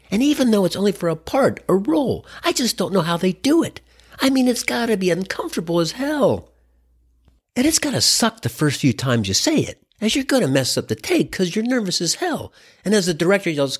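A man in his sixties from the US Midwest, telling a wry, irreverent comedic story in a conversational way. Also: sits high. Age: 60s.

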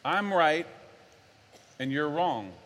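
A man with a fairly high voice delivers a sermon, moving from low and earnest to loud and worked-up. His words ring out with a long hall reverb behind them. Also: lively intonation, takes it slowly. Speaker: pastor.

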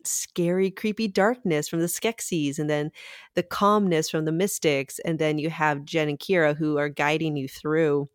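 A woman's voice: deep voice, steady tone, normal speed, no echo, clean studio sound. A woman guest in a casual film discussion, enthusiastic and rambling with many fillers. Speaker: podcast guest.

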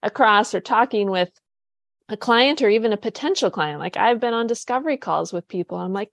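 A woman's voice: medium pitch, lively intonation, brisk, creaky, no room sound. Chatty woman host, dry close sound. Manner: chatty, enthusiastic, many restarts. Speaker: podcast host. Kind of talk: casual interview chat.

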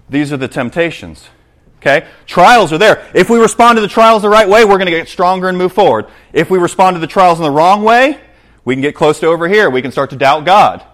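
A man preaching a sermon in church, animated, acting out scenes and checking in with the congregation. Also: fairly high pitch, a little fast. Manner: animated, acts out scenes, asks the congregation "right?". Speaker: pastor.

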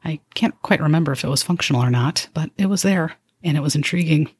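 A woman's voice: sits low, quick pace, slightly rough, dry recording. A woman hosting a podcast, giving scripted narration with dry, wry asides. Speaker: podcast host.

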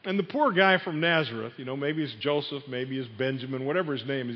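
This preacher talks fast in a mid-range voice, narrating a story and asking his listeners questions during the sermon. The recording is dull-sounding, captured in a hall with a long reverb.

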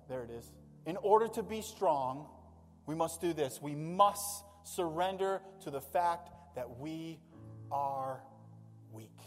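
A man's voice: medium pitch, long reverb tail. A man preaching a sermon as a pastor, in a conversational and impassioned way. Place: church sanctuary.

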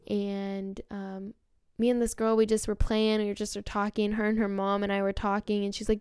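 A young woman hosting her own podcast, telling stories in a chatty, earnest, excited way with lots of "like". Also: medium pitch, moderate pace, clean tone, no room sound, clean studio sound. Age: young adult. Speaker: podcast host. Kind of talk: casual storytelling monologue.

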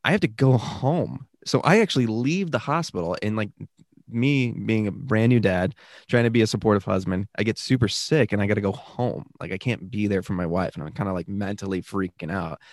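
A young man talks through a story in an easy, rambling way, with lots of fillers and sudden bursts of energy. His voice sits a little low. The sound is dry and close. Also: fairly quick, dry recording. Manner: animated, rambling with many fillers. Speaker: podcast guest, new father. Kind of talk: casual storytelling chat.

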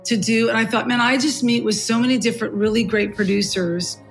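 Low-voiced woman podcast host. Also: fairly even intonation, fairly quick, vocal fry, faint music behind. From California. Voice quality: low textured voice. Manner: rambling, thinks aloud with many fillers. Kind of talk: casual chat.

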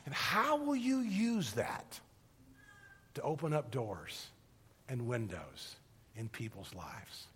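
A man preaching a sermon, retelling a parable with animated storytelling that swings from loud to hushed, in a church hall. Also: medium pitch, slow, pauses often, breathy edge. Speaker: pastor. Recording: long reverb of a large hall.

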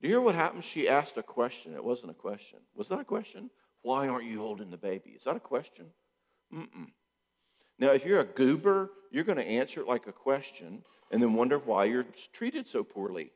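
Male counselor giving a talk, lively, keeps acting out little dialogues, big hall echo, mid pitch. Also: normal speed. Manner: animated, acts out quoted dialogue. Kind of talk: talk to an audience.

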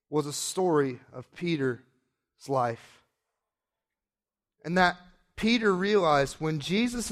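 A man preaching with a somewhat high voice, retelling a story with animated asides. He slips into the characters' voices as he goes, and the talk is a sermon. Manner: storytelling, acting out quoted characters.

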